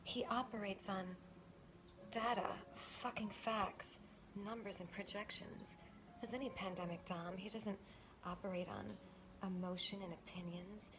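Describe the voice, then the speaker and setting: A woman performing a comic monologue in a breathy, mock-seductive whisper, swearing often. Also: medium pitch, steady tone, unhurried, background noise. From United States. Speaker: comedic performer.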